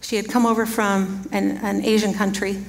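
A woman's voice: mid-range voice, level tone, normal speed, creaky. A woman preaching a sermon, telling a personal story in a chatty way, laughing often and acting out quoted dialogue. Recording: reverberant hall.

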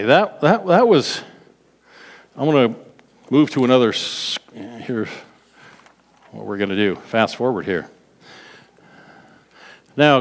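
A man preaching a sermon to a congregation, animated, repeating words for emphasis and prompting them to respond. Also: medium pitch. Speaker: pastor. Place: large hall. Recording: long reverb of a large hall.

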